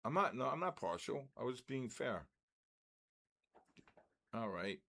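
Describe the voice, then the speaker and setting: A man's voice: mid-range voice, sing-song, unhurried, vocal fry, pauses often. An older man hosting a live trading stream, reading out usernames and calling them in the style of an auctioneer. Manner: auctioneer-style calls, loud shouts of "next".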